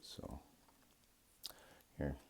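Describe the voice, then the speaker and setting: This male host of a watch modding video speaks extremely slowly, his tone a little dark. Working away, he chats casually and rambles to himself with a self-deprecating streak.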